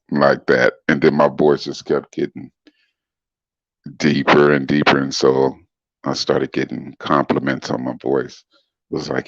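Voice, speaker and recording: A middle-aged man with a very deep, smooth voice and a gravelly edge reads chat comments as a guest on a livestream, laid-back and chuckling as he greets commenters by name. His delivery is flat and measured, with long pauses. The lo-fi stream audio sounds dull, dry and close, with no room sound.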